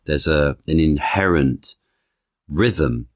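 Very deep-voiced man, dry sound. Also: lively intonation, slow pace, no echo. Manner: thoughtful, stacks analogies, frequent restarts and "you know". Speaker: podcast guest, actor and author. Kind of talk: conversational interview.

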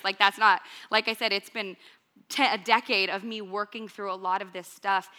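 A woman's voice: medium pitch, fairly even intonation, brisk, sharp tone. A young woman preaching a sermon in an earnest, conversational and emphatic way.

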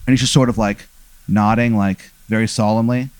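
A man's voice: on the low side, steady tone, a little fast, smooth, no room sound. A man casually telling an improvised story, rambling with fillers and restarts and jumping into voices for the characters. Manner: rambling, many fillers and restarts, acts out quoted lines. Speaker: host telling a made-up scenario.

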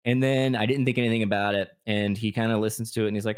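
A man's voice: on the low side, fairly even intonation, fast talker. A man co-hosting a podcast, telling a personal story in a rambling, casual way and acting out the dialogue. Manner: rambling, acts out quoted dialogue. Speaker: podcast co-host.

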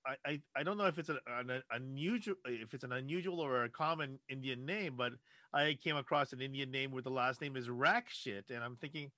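Bright, halting podcast co-host, man. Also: medium pitch, no echo. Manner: halting, restarts often when explaining. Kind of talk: casual podcast chat.

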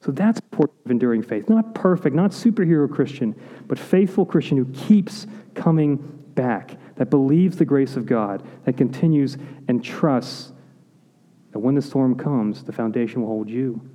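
A man's voice: medium pitch, expressive, normal speed. Preaching man in a reverberant hall. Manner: earnest preaching with rhetorical questions, drops to quiet intensity. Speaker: pastor. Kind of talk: sermon.

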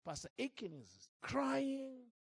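A man preaching a sermon into a microphone in church, telling a story in a lively, acted-out way. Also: very high-pitched, takes it slowly, gravelly, slightly rough, no room sound, studio quality. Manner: animated, acts out scenes and jokes with the crowd. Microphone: handheld or stand mic.

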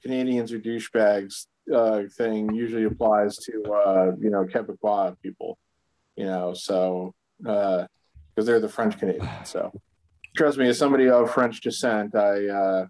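A man co-hosting a podcast, talking in a halting, stammering way with many fillers. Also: fairly low pitch, fairly even intonation, a little mellow, rough recording. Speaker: podcast co-host. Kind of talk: casual chat.

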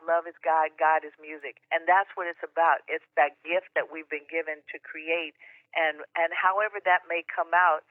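Brief: woman musician, phone interview guest, warm and excitable, thin phone-line sound. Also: on the low side, no room sound. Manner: warm, enthusiastic, laughs often. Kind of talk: casual interview over the phone. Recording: tinny phone line, dry.

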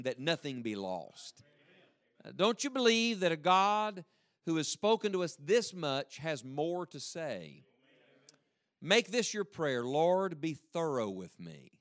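A man's voice: on the high side, fairly bright tone, dry recording, studio quality. A man preaching a sermon with emphasis and joking asides, leading the congregation to read aloud with him. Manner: leads the congregation in reading aloud. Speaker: pastor.

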